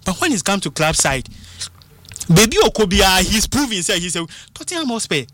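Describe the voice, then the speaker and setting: A man giving animated football punditry, switching into local phrases and acting out what fans and coaches say. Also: high-pitched, a little fast. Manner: excitable, mixes English with local phrases, acts out quotes. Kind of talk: animated sports talk.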